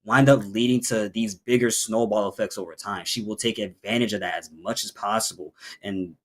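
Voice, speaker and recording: A man giving color commentary on a fighting game match, joking and animated with loud exclamations. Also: lowish voice, normal speed.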